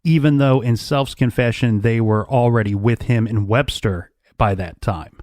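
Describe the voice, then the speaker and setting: A man co-hosting a true crime podcast, recounting case details at a quick clip with dry asides. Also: mid-range voice, a little mellow, no echo. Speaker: podcast co-host.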